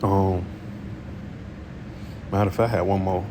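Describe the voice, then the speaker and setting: A man reading scripture aloud and explaining it in casual everyday talk, often checking in with a quick "right?". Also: low-pitched, fairly even intonation, noisy background. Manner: reads scripture, then explains it in casual slang, tagging lines with "right?". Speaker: bible teacher. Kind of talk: informal scripture teaching.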